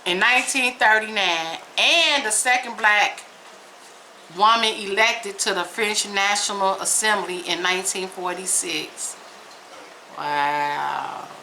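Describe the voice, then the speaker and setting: Slow-reading woman, bright and exclamatory. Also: medium pitch, slight background noise, rough recording. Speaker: vlog host reading aloud. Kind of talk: casual reading and reacting.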